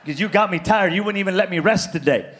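Man, middle-aged, preacher, very high pitch, impassioned sermon, repetitive phrasing. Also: fast talker. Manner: impassioned, repetitive, shifts between shouting and muttered asides.

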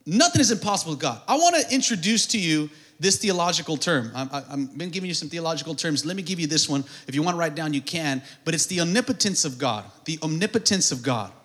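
A man preaching a sermon, calling on the congregation to answer back and building up to shouted, fervent peaks. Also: fairly high pitch, expressive, quick pace, hardly any pauses. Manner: call-and-response preaching, builds to shouted climaxes; acts out prayers in a mumbled comic voice. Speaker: pastor.

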